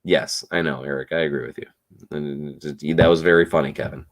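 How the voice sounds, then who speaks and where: Tipsy man chatting loosely with viewers. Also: brisk. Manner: loose, swearing, swings between low mutters and excited outbursts. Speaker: livestream host reading chat. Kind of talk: casual after-show chat.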